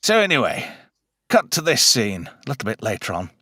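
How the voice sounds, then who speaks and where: A man's voice: mid-range voice, wildly swooping pitch, moderate pace, sharp tone, breathy edge, no room sound, studio quality. A man hosting a casual film chat, crude jokes and many fillers. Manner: chatty, crude joking, lots of fillers. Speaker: podcast host.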